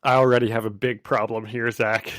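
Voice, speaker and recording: A man's voice: mid-range voice, level tone, a little fast, fairly bright tone, dry recording. A man co-hosting a casual podcast, giving his opinions with frequent laughs and lots of "like" and "you know". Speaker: podcast co-host.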